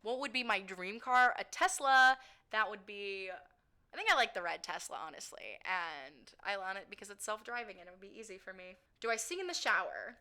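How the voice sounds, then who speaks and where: Young woman vlogger with a bright, tense edge to her voice; loose, rambling answers, lots of "like", pokes fun at herself. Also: medium pitch, lively intonation, brisk, clear, resonant tone. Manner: rambling, chatty, frequent "like" fillers, self-deprecating. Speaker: vlogger answering viewer questions. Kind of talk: casual Q&A chat.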